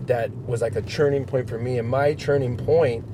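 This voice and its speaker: Animated male host telling stories. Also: medium pitch, normal speed, noisy background. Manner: animated storyteller, acts out quotes. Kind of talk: casual chat.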